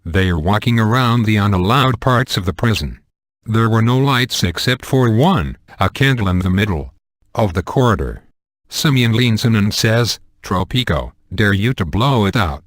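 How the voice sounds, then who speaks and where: In an amateur comedic horror story reading, a man narrates a spoof tale deadpan, delivering crude jokes with no change in tone. His low voice is dry and close to the mic, at a moderate pace.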